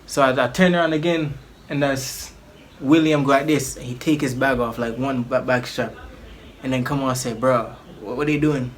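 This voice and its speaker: A man at a middle pitch tells a personal story to his channel. He rambles in loose slang and restarts often. It is relaxed storytime vlog talk. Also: moderate pace, slight background noise. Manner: animated, acts out the people in his story.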